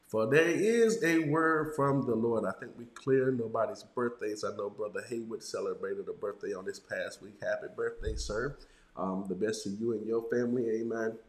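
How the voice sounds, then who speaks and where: A middle-aged male pastor delivering a sermon, congested and a little nasal from illness, slightly raspy, dropping "amen" after nearly every line. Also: fairly low pitch, roomy sound. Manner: punctuates lines with "amen".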